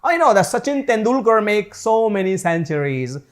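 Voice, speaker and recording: A man with an Indian English accent teaching pronunciation in a classroom lesson. He says each model word slowly and carefully, then drops into quick asides in Hindi. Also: high voice, very animated. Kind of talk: classroom lesson, repeat-after-me drills.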